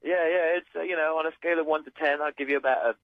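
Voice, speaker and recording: A man's voice: a little high, fairly even intonation, very fast, no room sound. A British man on a phone call, getting more and more exasperated, impatient and sweary. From Britain. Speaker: prank call target. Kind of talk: phone conversation. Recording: phone line.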